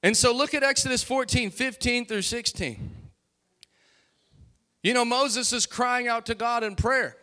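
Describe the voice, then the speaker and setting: A man preaching a sermon as pastor, calling out to the congregation and building to loud, emphatic bursts. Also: very high voice, unhurried, long pauses.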